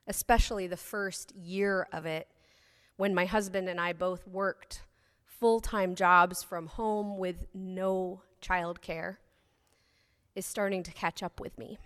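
A woman's voice: lowish voice, a bit bright. Woman pastor, 30s; earnest, confiding sermon in a reverberant hall.

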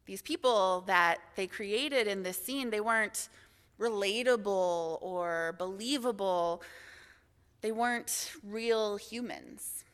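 Bright-voiced woman telling a story. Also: medium pitch, slow, smooth. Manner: candid storytelling, self-deprecating. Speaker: assistant minister. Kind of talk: sermon reflection. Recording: reverberant hall sound.

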